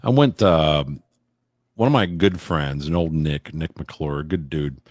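A man's voice: extremely low pitch, takes it slowly, no room sound, studio quality. A man in a casual podcast chat, telling rambling stories with crude jokes. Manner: rambling, crude joking storyteller.

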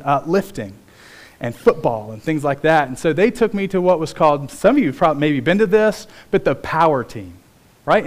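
A man preaching a sermon as pastor, telling stories in an animated way with big swings in pitch.

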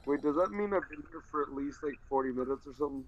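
A man's voice: fairly high pitch, quick pace, lo-fi sound, a little hiss or hum. A man with a Canadian accent co-hosting a live stream, talking in a rambling, hesitant way with many restarts. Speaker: live show co-host. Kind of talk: casual stoned chat.

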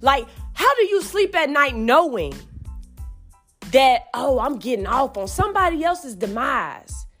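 A woman, hosting a podcast and venting in a heated, profane monologue that rises to yelling. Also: sits high, sing-song, a little slow, soft background music. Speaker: podcast host.

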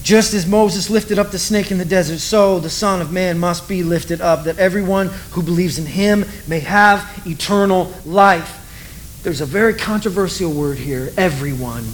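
A man preaching a sermon, telling a Bible story in a lively way and acting out the voices of the people in it. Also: high voice, moderate pace, a little hiss or hum, low-quality recording. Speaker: pastor.

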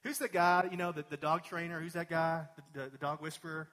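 In a church sanctuary, a pastor delivers a sermon in a conversational, digressive style full of personal asides. His voice is on the high side and fairly bright, with a level tone and a fairly quick pace.

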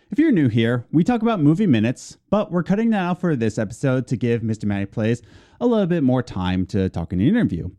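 A man with a warm, mid-range voice co-hosts a casual gaming podcast. He reads plugs and news, dropping in playful, teasing asides.

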